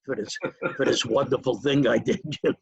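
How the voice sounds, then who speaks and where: An older man, his voice gravelly and husky. He drifts from one memory to the next in a rambling, chatty way. The sound is close and dry. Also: medium pitch, steady tone, normal speed, a little mellow, dry recording, highs cut off. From New York. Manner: rambling, digressive storytelling with chuckles. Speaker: interview guest. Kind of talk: reminiscing in a casual interview.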